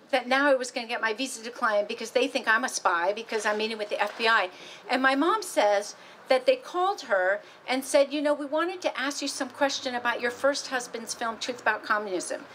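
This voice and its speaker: American woman telling lively anecdotes. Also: on the high side, slight background noise, low-quality recording. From United States. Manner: animated, rambling anecdotes with restarts. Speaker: author presenting her book. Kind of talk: storytelling talk. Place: museum event space.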